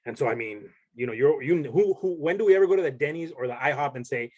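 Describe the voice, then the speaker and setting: A man's voice: mid-range voice, lively intonation, fast, darkish tone, lo-fi sound. A young man, a podcast guest, telling a story in casual chat and rambling with many restarts.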